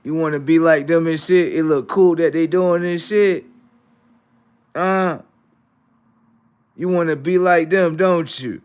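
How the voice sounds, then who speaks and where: A man hosting a livestream, rambling and cursing as he taunts his viewers, dropping to low mutters and then rising into loud, drawn-out jabs. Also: fairly even intonation, clean tone. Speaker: livestream host. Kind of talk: casual livestream talk to chat.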